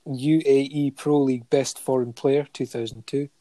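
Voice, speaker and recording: Guy on a podcast going thru a list of trophies, mellow tone, dry close sound, lots of ums. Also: mid-range voice, steady tone, normal speed, dry recording. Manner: listing facts steadily with many ums and chuckles. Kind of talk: casual chat, reading out a football player's honours.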